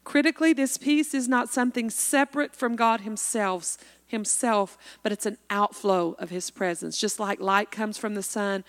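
Woman in church, gravelly voice, earnest testimony, slow careful scripture reading. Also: mid-range voice. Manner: earnest, slows down to read scripture.

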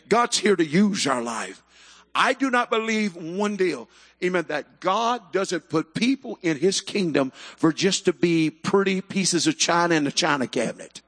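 High bright guy preaching hard, shouts the big points, echoey hall. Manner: fervent, swings into shouted emphasis. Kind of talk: sermon.

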